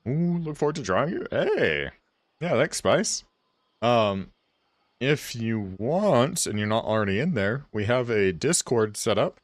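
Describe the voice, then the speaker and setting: A man's voice: mid-range voice, very animated, measured pace, no room sound, studio quality. A man streaming a game, chatting casually and rambling with his viewers. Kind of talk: casual livestream chat.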